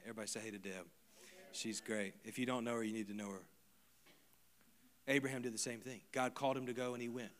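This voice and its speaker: Preaching man with a swinging delivery. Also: lowish voice. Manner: swings from quiet, close asides to loud emphatic repetition. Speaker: pastor. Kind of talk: sermon. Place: church service before a congregation.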